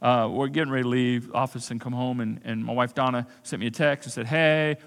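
A man's voice: medium pitch, fairly even intonation, a little fast. A man preaching a sermon as pastor, conversational and emphatic, repeating key phrases and acting out quoted asides. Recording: long hall reverb.

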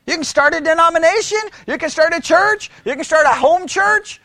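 High-voiced preacher asking the room questions. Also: male voice, moderate pace, pauses often, no echo, clean studio sound. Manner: animated, asks the room questions, mimics critics; restarts and repeats words often. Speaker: pastor teaching church history. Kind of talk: sermon-style lecture. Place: church meeting room.

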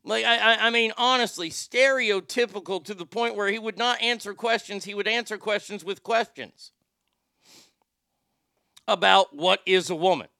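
Gravelly, bright-voiced livestream host man. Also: high-pitched, moderate pace, no room sound, studio quality. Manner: rambling and profane, with frequent restarts. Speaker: livestream host reading viewer chat. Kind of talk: casual livestream chat.

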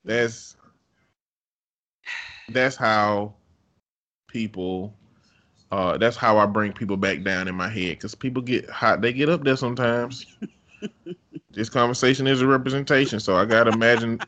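A man's voice: mid-range voice, normal speed, pauses often, a bit bright. A man in a casual chat who jokes, swears freely and laughs often. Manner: profane, jokey, laughs often.

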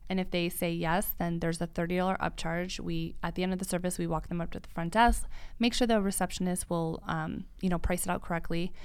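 A woman talking shop in a relaxed, chatty way, laughing easily and acting out what her clients say. Her voice sits a little low and sounds smooth and clear. The recording is close and dry, with no room sound. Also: a little fast, no echo. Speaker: lash studio owner, podcast co-host. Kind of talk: casual business chat.

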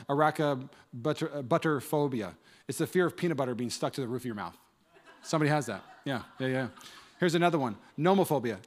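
A young man preaching a sermon in a church, telling stories with lively voices and many fillers. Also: medium pitch. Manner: animated storytelling with voices and fillers. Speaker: pastor.

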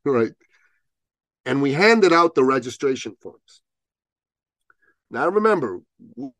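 Animated man telling a story. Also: medium pitch, no room sound. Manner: animated storyteller, acts out quoted voices. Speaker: podcast guest. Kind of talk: storytelling in an interview.

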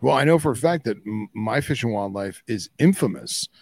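A man co-hosting a podcast in casual chat, an animated storyteller who acts out both sides of conversations. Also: medium pitch, a little fast, no echo. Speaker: podcast co-host.

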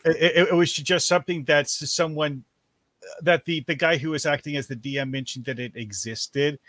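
A man's voice: a little high, fairly even intonation, normal speed, a bit bright, dry recording. A man joining a live-streamed chat as a guest, asking questions hesitantly with many stammers. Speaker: guest caller.

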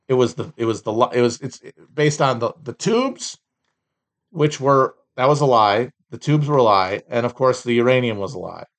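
A man hosting a solo podcast, reading out trading cards and mocking them with sardonic, profane, rambling asides. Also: mid-range voice. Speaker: podcast host.

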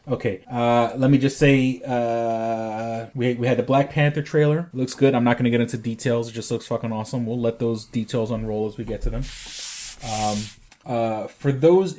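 A man's voice: medium pitch, darkish tone. A man co-hosting a casual movie podcast, rambling and swearing, full of fillers and restarts. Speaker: podcast co-host. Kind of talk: casual chat about movies.

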